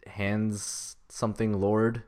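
A man's voice: on the low side, level tone, takes it slowly, crowd noise. A man co-hosting a podcast, teasing his partner and laughing in casual chat. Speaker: podcast co-host.

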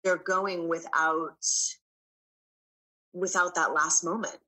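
A woman in her thirties speaking as a guest, her voice lowish but bright and clear. She talks earnestly and thoughtfully, with many pauses and soft fillers. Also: flat delivery, low-quality recording. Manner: earnest, reflective, hesitant with fillers. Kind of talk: casual heartfelt conversation.

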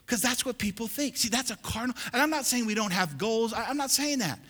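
A male pastor preaching a sermon, calling on the congregation to repeat after him and building to loud exhortation. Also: extremely high pitch, lively intonation, fairly quick. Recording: long hall reverb.

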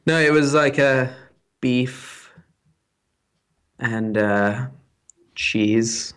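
A man's voice: mid-range voice, drawn-out words, a bit bright, smooth. Man, podcast co-host, matter-of-fact, casual banter.

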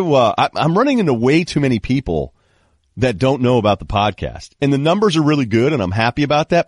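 A man's voice: medium pitch, no room sound, clean studio sound. A man hosting a casual sports podcast, telling stories and acting out the people he quotes. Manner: animated storyteller, acts out quoted people. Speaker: podcast host.

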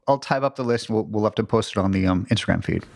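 A man's voice: lowish voice, quick pace, vocal fry, darkish tone. Joking guy cohosting a chatty podcast, easygoing. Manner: playful, joking. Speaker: podcast co-host. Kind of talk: casual chat.

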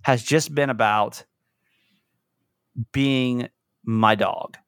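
A man's voice: mid-range voice, very slow, a bit bright, smooth, no room sound, studio quality. A man hosting a podcast, telling a rambling, emotional story in casual chat. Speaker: podcast host.

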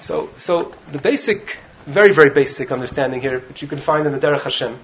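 A man giving an animated Torah talk as a rabbi in a study hall, often asking "right?" to his listeners. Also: a little high, fairly quick, highs cut off. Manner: animated, keeps checking in with "right?". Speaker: rabbi teaching in a yeshiva.

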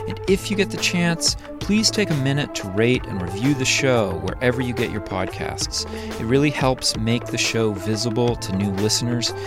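A man hosting a podcast, reading a steady, friendly sign-off for the show. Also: mid-range voice. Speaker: podcast host. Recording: music bed under voice.

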